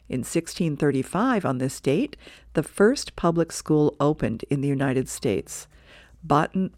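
Reading the newspaper aloud for a radio reading service, a woman volunteer sounds relaxed and plain, making small self-corrections. Her voice is low-pitched, with studio quality and no room sound.

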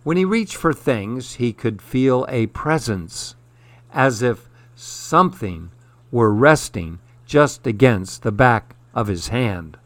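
Slow, measured male horror narrator. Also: mid-range voice, animated, no echo. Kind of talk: scripted horror story narration.

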